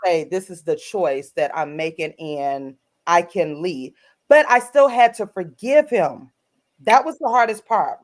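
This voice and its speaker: A middle-aged woman, an author guest co-hosting a podcast, telling a personal story in an earnest, animated way and acting out other people's lines. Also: on the low side, unhurried. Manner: earnest, animated, retells scenes in voices.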